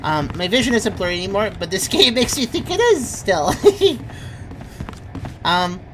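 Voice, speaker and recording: A woman's voice: mid-range voice, very animated, fairly quick, slight background noise. A woman streaming a game, chatting casually and thinking aloud as she plays, laughing often. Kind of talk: casual gameplay commentary.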